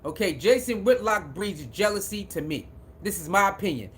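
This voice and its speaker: A man's voice: sits high, lively intonation, moderate pace, a little hiss or hum. A man hosting a casual sports live stream, repeating himself often and talking back to viewers in the chat.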